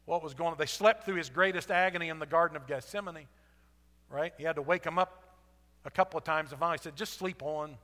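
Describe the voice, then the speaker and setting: A man's voice: on the high side, fast, pushed and bright, big-room sound. A man, a pastor, preaching a sermon in a conversational storytelling way. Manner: storytelling, conversational, acts out quotes.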